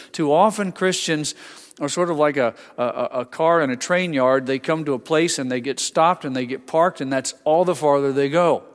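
A man's voice: a little high, big-room sound. An older man preaching a sermon as a pastor, conversational, with frequent restarts and asides.

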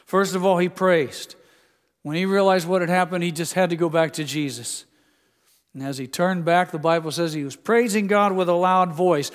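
A man's voice: high voice, steady tone, moderate pace, in a large hall. An older man, a pastor, preaching a sermon in a church and putting questions straight to his congregation. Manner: earnest, asks the congregation questions directly. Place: church sanctuary.

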